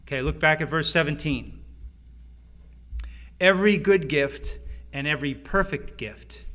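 A middle-aged man preaching a sermon, with emphatic repeats and sudden drops to a hushed voice. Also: fairly high pitch, a little slow. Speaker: pastor.

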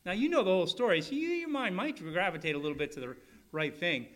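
A man's voice: high-pitched, expressive, fast, a bit bright. A man preaching a sermon, teaching step by step and checking in with his listeners. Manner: restarts often, asks "right?" to the listeners, explains step by step. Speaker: pastor.

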